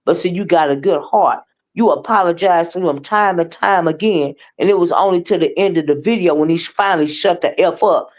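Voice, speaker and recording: A woman's voice: mid-range voice, normal speed, darkish tone. A woman hosting a live stream, giving heated, profane commentary in a blunt, scolding manner.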